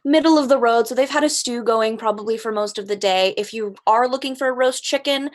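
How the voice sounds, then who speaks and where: A woman narrating as game master of a tabletop game, relaxed and hesitant, with many fillers. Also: a little high, fairly quick.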